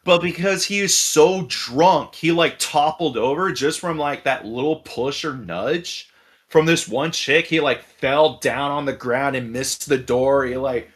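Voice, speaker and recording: A man telling a story in casual podcast chat, animated and profane, acting out the people he quotes. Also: a little high, measured pace. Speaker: podcast host.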